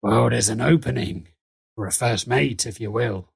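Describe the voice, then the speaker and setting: A man voicing a hulking pirate captain in a tabletop game, with a low, slow, threatening drawl. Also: gravelly, slightly rough. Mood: menacing. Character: hulking male pirate captain, gruff and menacing.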